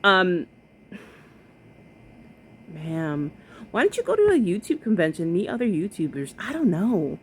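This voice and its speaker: Animated, sassy woman reacting to a clip. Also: on the low side, measured pace, pauses often, a little hiss or hum. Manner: blunt, sassy, swears freely, laughs often. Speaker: reaction video host. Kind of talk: casual commentary.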